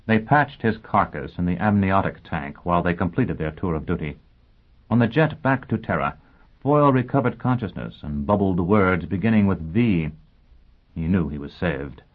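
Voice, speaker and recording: A man narrating an audiobook in a measured, dramatic reading. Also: low-pitched. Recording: tinny phone-like sound.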